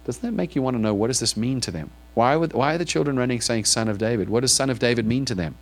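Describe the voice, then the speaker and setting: A man's voice: medium pitch, animated, quick pace. A man preaching to his congregation in church, reading scripture aloud and then asking it probing questions. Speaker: pastor. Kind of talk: sermon.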